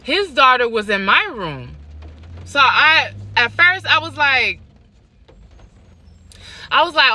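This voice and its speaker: Bright-voiced woman telling a storytime. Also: high-pitched, takes it slowly, pauses often. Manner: animated, emphatic repeats, laughs between lines. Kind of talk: storytime vlog.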